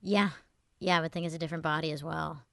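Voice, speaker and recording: A woman's voice: low voice, steady tone, fast, gravelly, fairly bright tone, no echo, studio quality. A woman voice artist chatting playfully as a guest on a casual remote podcast. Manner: playful, jokey.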